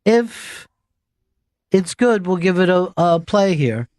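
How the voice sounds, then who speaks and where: A man's voice: sits high, animated, slow pace, a little mellow, no room sound. A man hosting a radio show in loose, profane, casual chat full of fillers.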